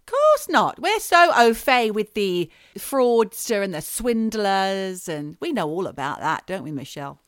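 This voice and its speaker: A woman's voice: mid-range voice, sing-song, measured pace, few pauses, no echo, clean studio sound. A woman co-hosting a podcast, chatting casually with playful, teasing reactions. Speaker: podcast co-host.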